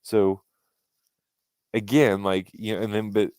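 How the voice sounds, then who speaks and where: Low-voiced man rambling in casual chat. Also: flat delivery, slow pace, a little mellow, smooth, dry recording. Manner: rambling, restarts often, fan opinions. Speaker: podcast co-host.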